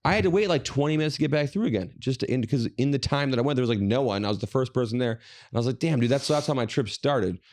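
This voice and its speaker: Fast-talking profane man telling stories. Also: medium pitch, a little mellow. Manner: profane, rambling, quoting others. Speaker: podcast co-host. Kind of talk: casual storytelling chat.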